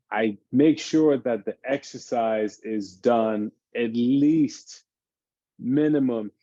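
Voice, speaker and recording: Male fitness expert, mellow tone, lively explainer, slightly lo-fi call sound. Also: medium pitch, no echo. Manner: animated, explains by acting out his kids' games. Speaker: fitness expert on a parenting panel. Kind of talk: casual panel discussion.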